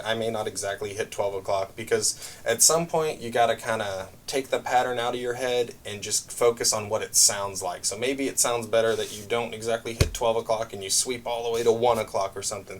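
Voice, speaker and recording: A man of middle pitch walks students through a drum pattern, talking in a loose, unhurried way with plenty of ums. A faint hiss of noise sits under the recording. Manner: relaxed, explains step by step with many fillers. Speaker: music teacher. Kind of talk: drum lesson demonstration.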